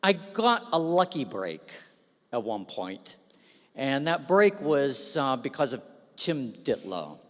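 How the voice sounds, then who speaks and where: A man's voice: medium pitch, takes it slowly. A man giving a self-deprecating, storytelling speech from the stage at an awards gala, speaking into a stage microphone. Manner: self-deprecating, animated anecdotes. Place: large hall. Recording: long hall reverb.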